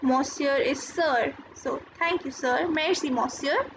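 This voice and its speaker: A woman teaching a recorded school lesson, explaining each word slowly and carefully and repeating it. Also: sits high. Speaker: French teacher. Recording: dull lo-fi sound, faint noise.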